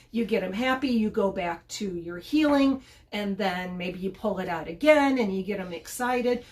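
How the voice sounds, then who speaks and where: A middle-aged woman hosting a casual advice vlog, chatty and often repeating words as she restarts. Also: mid-range voice. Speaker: podcast host and dog trainer.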